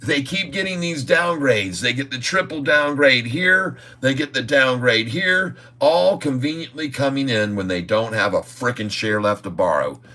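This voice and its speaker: A man's voice: mid-range voice, animated, normal speed, hardly any pauses, bright, forceful tone. A middle-aged man hosting a day-trading livestream, talking in a folksy, emphatic way and chuckling often. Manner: folksy and emphatic, keeps calling listeners "folks". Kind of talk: casual market commentary livestream.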